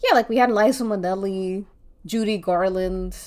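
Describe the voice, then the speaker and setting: An art streamer chats casually while she draws, rambling, thinking aloud and swearing casually. Her mid-range voice has a darkish tone and normal speed.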